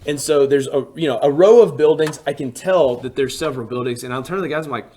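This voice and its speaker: A man from Alabama, telling a personal travel story in a casual, animated way and acting out what people said. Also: on the high side, quick pace, hardly any pauses. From Alabama, USA. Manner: animated, acts out quotes with rising emphasis.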